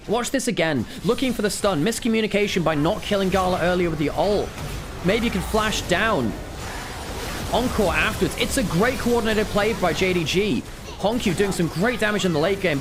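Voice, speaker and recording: A man doing live play-by-play commentary on an esports match. He shifts from calm analysis to exasperated outbursts, and he is worn out after a long week. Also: sits high, a little fast, noisy background. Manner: self-correcting, apologetic asides to viewers. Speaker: esports caster.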